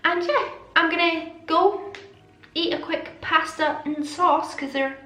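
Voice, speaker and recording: A woman's voice: very high voice, takes it slowly, pushed and bright, roomy sound. A young Scottish woman, a beauty vlogger, chatting casually to camera with a slight lisp. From Scotland.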